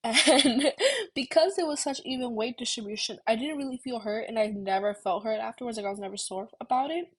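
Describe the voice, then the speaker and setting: A young woman vlogger telling a story in a rambling, self-deprecating way, swearing casually, with a husky voice. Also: a little high, brisk, rough recording.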